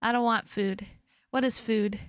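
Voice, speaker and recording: A woman's voice: on the high side, steady tone, a little slow, no room sound, studio quality. A young adult woman streamer chatting casually with her viewers, rambling and playful, often repeating her words.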